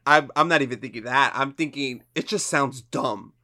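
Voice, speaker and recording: A man co-hosts a relaxed podcast with a bright, clear tone. His pitch sits in the middle of the male range. He talks emphatically and animatedly. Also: moderate pace. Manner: animated, emphatic, jumps into high mocking quotes. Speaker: podcast co-host. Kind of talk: casual chat.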